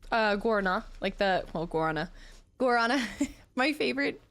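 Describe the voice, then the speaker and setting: A woman's voice: fairly high pitch, moderate pace. A woman streaming a video game, chatting casually with her viewers and answering their comments as she plays. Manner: chatty, reads and answers chat, animated. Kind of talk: casual live-stream chat while gaming.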